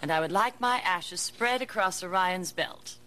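A woman's voice: lowish voice, unhurried, lightly acted. A woman playing a level-headed, patient aunt. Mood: calm. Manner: composed, sensible, patient. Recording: studio audience laughter and noise.

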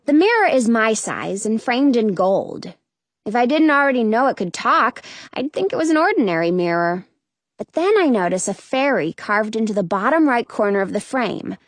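A woman narrating a first-person children's storybook in an expressive, playful way. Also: on the high side, moderate pace, no room sound. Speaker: audiobook narrator.

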